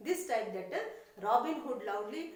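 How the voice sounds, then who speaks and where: A woman's voice: fairly high pitch, expressive, a little fast. A woman teaching a class, explaining a poem line by line and asking the children questions. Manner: retells lines in simple words, asks the class questions. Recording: very echoey room.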